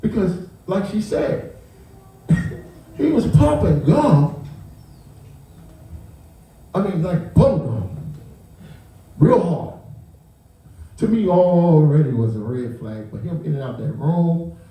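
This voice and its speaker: A man with a fairly high voice speaks slowly, leaving long pauses, as he tells an emotional story about his nephew or niece who was a victim. He acts out the scene with animation, stumbling over and repeating words. The sound is very echoey and captured from a distance.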